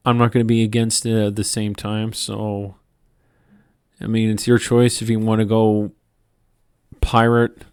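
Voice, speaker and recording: A tired man hosting a gaming channel, ranting in a halting, profane monologue with frequent restarts. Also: on the low side, smooth, no echo, clean studio sound. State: tired from lack of sleep.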